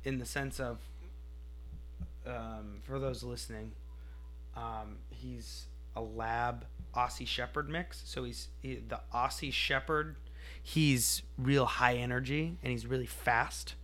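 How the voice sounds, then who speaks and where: A man's voice: medium pitch, steady tone, slow, pushed and bright. A man co-hosting a podcast in casual chat, playful and rambling, joking with his co-host.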